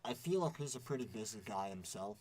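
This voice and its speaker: A man's voice: fairly low pitch, lively intonation, brisk, a little mellow. A man chatting casually on a podcast, rambling with many restarts and fillers. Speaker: podcast co-host. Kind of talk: casual chat. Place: indoor podcast recording.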